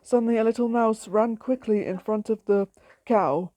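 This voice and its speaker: Mellow woman reading a story. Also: a little high, moderate pace, dry recording. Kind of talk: reading her own story aloud.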